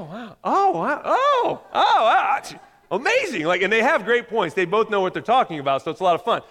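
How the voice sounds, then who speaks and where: A man with a notably high voice preaches in a conversational way and slips into quoted voices to make his point. His words ring out with a long reverb, as in a large hall. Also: fairly bright tone. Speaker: pastor. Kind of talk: sermon.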